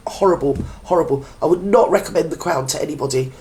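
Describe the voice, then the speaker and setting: A man's voice: fairly high pitch, fast, few pauses, darkish tone. A man from Britain hosting a reaction video, delivering a blunt, indignant rant full of earthy working-class slang.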